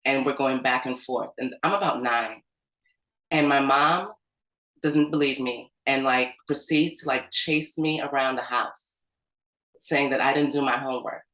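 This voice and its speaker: The audio is poor and reverberant as an American woman, a community organizer, speaks in a bass voice that is steady and somewhat bright. At a measured pace she relates a personal story to an organizing meeting in a casual way, dotted with "like" and "um."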